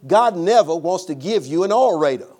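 Pastor man preaching, kinda high voice, tells stories, laughs along. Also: animated, normal speed, dark tone. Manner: preaching with call-and-response, storytelling, laughing at times. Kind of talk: sermon.

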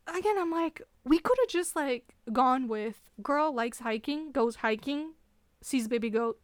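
A woman's voice: high-pitched, unhurried, no room sound. A woman hosting a podcast, recapping a book in casual chat with sarcasm and frequent laughter, close to the microphone. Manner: sarcastic, laughs often, animated retelling. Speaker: podcast host.

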